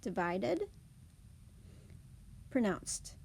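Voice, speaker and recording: A woman teacher explaining speech sounds in a phonics lesson, saying example words slowly and clearly. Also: mid-range voice, a little mellow. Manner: clear, deliberate demonstration of words.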